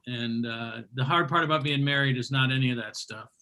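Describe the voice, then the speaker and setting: A man's voice: medium pitch, brisk, pushed and bright. A man hosting a live online comedy show who makes chatty, jokey asides between introductions of the acts. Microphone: computer mic on a video call.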